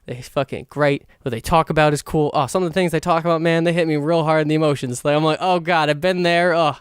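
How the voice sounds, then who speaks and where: A young man rambles through a solo podcast, gushing and swearing in a loose, excitable way. His voice sits a bit high and comes out fast and clean, and the recording is dry, with no room echo. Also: smooth. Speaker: podcast host. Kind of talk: casual solo podcast monologue.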